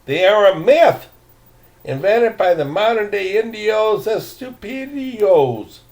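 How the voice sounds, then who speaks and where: A disdainful jungle guide in a storybook reading, put on by an older man. He lectures with open scorn in a lively, rising and falling voice and takes his time over each word. The voice sits rather high for a man. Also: slow.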